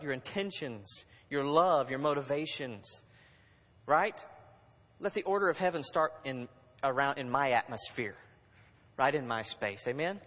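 A male pastor delivers an animated sermon and urges his congregation on. His voice sits a little high, and it swings from loud exhortation to quiet, hushed asides. A long reverb from a large hall hangs behind every phrase.

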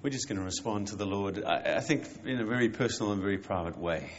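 Man, low voice, pastor, gentle measured prayer invitation, muffled sound, faint hiss. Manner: gentle, measured, with pauses and fillers. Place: church service. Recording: muffled church recording with faint noise.

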